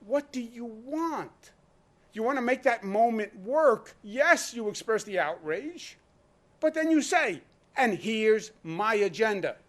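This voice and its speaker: A man's voice: very high voice, animated, slow, a bit bright. A man speaking as governor at a press conference, emphatic and full of rhetorical questions. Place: indoor briefing room.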